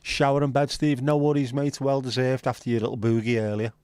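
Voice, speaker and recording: A man's voice: mid-range voice, little pitch movement, fairly quick, a little mellow, smooth, no echo. A man hosting a livestream, chatting casually with his viewers in banter full of swearing. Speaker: livestream host. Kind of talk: casual chat with live viewers.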